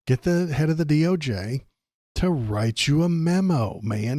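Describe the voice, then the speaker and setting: A man's voice: a little high, sing-song, unhurried, dark tone, husky, dry recording, clean studio sound. A man hosting a political livestream, ranting sarcastically and tripping over his words. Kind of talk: casual political commentary.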